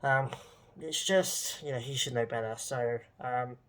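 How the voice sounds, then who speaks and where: A man's voice: mid-range voice, a little slow, a bit bright. A man, a football fan vlogger, ranting casually in an exasperated, sarcastic way, rambling with plenty of fillers.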